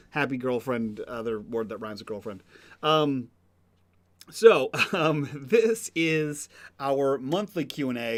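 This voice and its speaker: A young adult man from New England hosting a casual livestream Q and A, chatty and rambling with many fillers. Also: medium pitch. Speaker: host.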